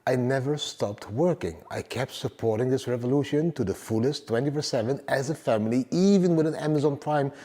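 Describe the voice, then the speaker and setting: Upbeat man with a mellow voice. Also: medium pitch, fairly quick, few pauses, in a large hall. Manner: enthusiastic, repeats "guys" and "for example". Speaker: crypto YouTuber. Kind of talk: casual monologue with trading and travel tips.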